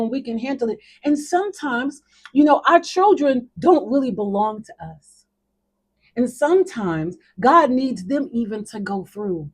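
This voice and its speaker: A woman's voice: a little high, a little mellow, breathy edge. A middle-aged woman life coach telling a faith parable in an emphatic, conversational, preachy manner. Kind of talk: motivational talk with a faith parable.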